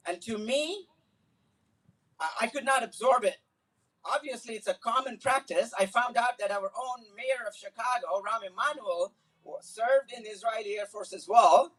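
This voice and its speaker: A man with a very high-pitched voice delivers an earnest community speech. He builds to forceful, repeated emphatic lines. His voice is picked up from some distance away from the microphone. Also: normal speed. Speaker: community speaker at a solidarity event. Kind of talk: impassioned public speech with personal stories. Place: Islamic center event.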